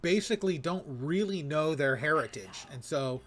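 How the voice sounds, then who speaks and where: A man's voice: fairly high pitch, lively intonation, normal speed, a little hiss or hum. Rambling American man streaming a game. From United States. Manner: rambling, self-correcting, chatty asides. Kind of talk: casual gameplay chat.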